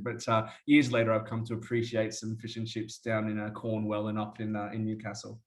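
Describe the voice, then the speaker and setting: An Australian man, a guest in an interview, tells stories in a rambling, chatty way and often says "mate." His voice is fairly low with fairly even intonation, and he talks briskly with few pauses.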